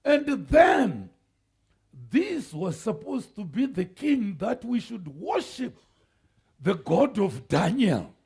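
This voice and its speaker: A man preaches with a high, gravelly voice that swings widely in pitch. He talks slowly and with weight, breaking into shouts and laughter while he calls on the church to answer back. His tone is husky and rough. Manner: animated preaching with shouts, laughs and call-and-response. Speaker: pastor. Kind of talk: sermon. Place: church sanctuary.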